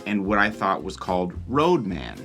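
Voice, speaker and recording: A man's voice: low-pitched, big pitch swings, normal speed, a bit bright, soft background music. An American man narrating his travel vlog in a casual, curious, blunt way. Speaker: vlogger.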